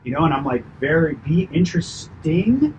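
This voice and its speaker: A man working as a personal trainer, giving a chatty, animated debrief after a client session, full of fillers and asides. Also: on the high side, normal speed, background noise. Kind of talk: casual coaching debrief.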